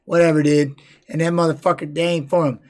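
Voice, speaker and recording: Guy streaming live, kinda high voice, rambles and cusses a lot, super candid. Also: little pitch movement, fast, darkish tone. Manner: rambling, heavy swearing; candid personal storytelling. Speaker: streamer and former fighter. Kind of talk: casual livestream chat.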